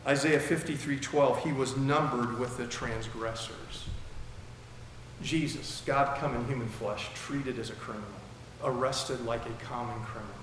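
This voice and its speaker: A man's steady, mid-range voice with a touch of brightness moves at a measured pace as he preaches. He is a pastor expounding a text verse by verse, conversational and fond of rhetorical questions. Faint noise and heavy reverberation come from the large church hall.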